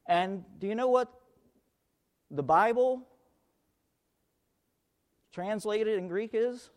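A man's voice: sits high, takes it slowly. A man preaching a sermon, who leans hard on key words, repeats them, and thinks aloud while hunting for verses.

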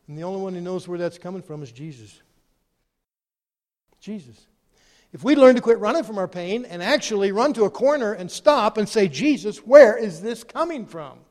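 A man preaching a sermon, animated, swinging between loud emphasis and quiet, hushed asides. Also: sits high. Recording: long hall reverb.

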